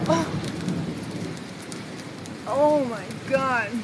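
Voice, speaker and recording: A woman's voice: a little high, lively intonation, a little slow. A woman filming a thunderstorm from an outdoor balcony on her phone, gasping and exclaiming, shrieking when strikes land close. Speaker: person filming a storm. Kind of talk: excited live commentary. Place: eighth-floor balcony outdoors in a storm. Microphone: phone held in hands. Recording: loud rain noise on a phone mic.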